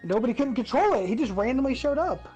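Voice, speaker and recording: Profane ranting woman, mellow voice. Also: high-pitched, sing-song, fast talker, lo-fi sound, soft background music. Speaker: gaming podcast host. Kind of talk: casual chat.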